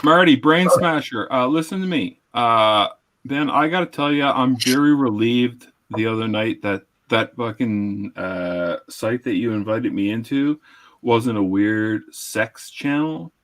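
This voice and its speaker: A man hosting a livestream, talking in a loud, rambling, jokey way with lots of swearing. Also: mid-range voice, unhurried. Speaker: livestream host. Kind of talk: casual profane chat.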